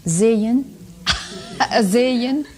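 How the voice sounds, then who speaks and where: Older woman teaching the Bible, mellow voice. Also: a little high, drawn-out words. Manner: chatty, laughs often, asks the audience questions. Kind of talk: folksy Bible teaching talk.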